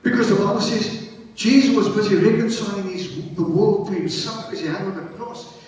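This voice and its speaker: High-voiced preacher in an echoing church hall. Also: male voice, steady tone, moderate pace. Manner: call-and-response preaching, swinging from high exclamations to low quiet passages. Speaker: pastor. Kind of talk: sermon. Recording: echoey hall, voice picked up from a distance.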